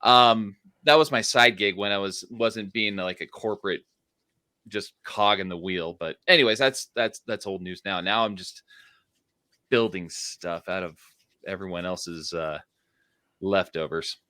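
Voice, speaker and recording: A man playing a tabletop role-playing game, talking in character in a halting way with many restarts. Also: sits low, bright, forceful tone, no echo, clean studio sound. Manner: halting, full of fillers and restarts. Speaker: player.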